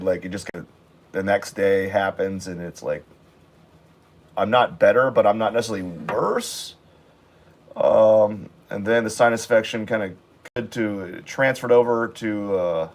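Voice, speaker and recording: Sick man, raspy voice, lowish pitch, rambling casual chat, lots of fillers. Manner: rambling, halting, with many fillers. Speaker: art vlogger. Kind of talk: casual chat while drawing.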